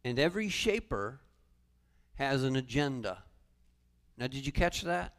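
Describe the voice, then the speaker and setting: A male pastor preaching a sermon in a church sanctuary, animated, with humorous asides. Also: mid-range voice, a little slow. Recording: long church reverb.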